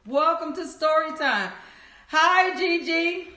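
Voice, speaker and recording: A woman's voice: extremely high pitch, expressive, takes it slowly, pushed and bright. A woman hosting a livestream, cheerfully greeting viewers by name and reading their chat comments aloud. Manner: upbeat, cheering. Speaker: livestream host. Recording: echoey room.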